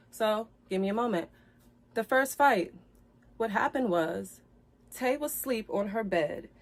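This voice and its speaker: Woman vlogger, emotional storytime: earnest, apologetic, repetitive, building to heated indignation, on the edge of tears. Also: mid-range voice. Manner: earnest, apologetic, repeats herself, grows heated. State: tearful at times. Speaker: vlogger telling her side of a breakup.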